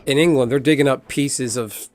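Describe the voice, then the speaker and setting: A man's voice: mid-range voice, normal speed, darkish tone, faint music behind. A man from the United States streaming a game, chatting casually in a rambling way and swearing now and then. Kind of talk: casual chat while gaming.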